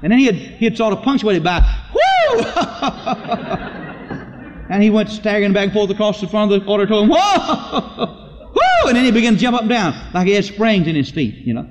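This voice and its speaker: A man's voice: high-pitched, rapid-fire, few pauses, noisy background. A man preaching a sermon, telling stories in a folksy way and acting out the voices of the people in them. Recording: dull lo-fi recording in a reverberant hall.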